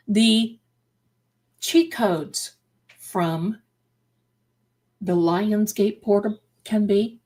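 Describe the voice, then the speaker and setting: A woman's voice: medium pitch, very slow, pauses often, a little mellow. A middle-aged woman hosting a livestream, chatting casually and emphatically with her viewers, repeating phrases for effect and calling them her darlings. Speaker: livestream host.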